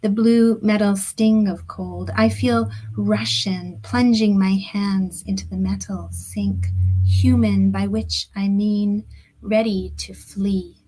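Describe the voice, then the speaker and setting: A middle-aged woman reads her poems aloud, taking her time over each line. Her pitch sits in an ordinary middle range. Now and then a phrase softens almost to a whisper, picked up by a computer mic on a video call. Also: steady tone, low-quality recording. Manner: slow, deliberate reading that drops at times into soft, near-whispered phrases. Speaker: poet reading her own work. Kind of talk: poetry reading at a book launch. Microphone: computer or headset mic on a video call.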